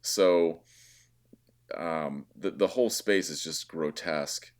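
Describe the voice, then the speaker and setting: A man's voice: rumbling low, slow. A man guest on a podcast, talking casually in a sardonic, scornful way. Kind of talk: casual conversation.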